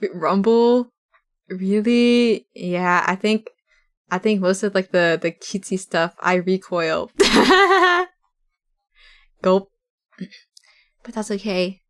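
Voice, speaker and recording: A woman's voice: mid-range voice, expressive, takes it slowly, a bit bright. A woman from the West Coast of the US, a streamer chatting casually with viewers, reading chat aloud and laughing often.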